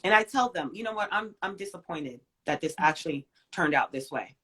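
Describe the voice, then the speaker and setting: A woman in her forties tells a story from her own life as a guest in an interview. Her telling is emphatic and expressive, and it moves from loud bursts to soft, hushed asides. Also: on the low side, fairly quick, slightly rough.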